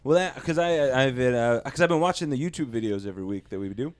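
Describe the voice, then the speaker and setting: A man's voice: mid-range voice, expressive, fast talker, a little hiss or hum. A man co-hosting a comedy podcast, tossing out goofy, mock-earnest one-liners. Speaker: podcast co-host. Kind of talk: casual comedic banter.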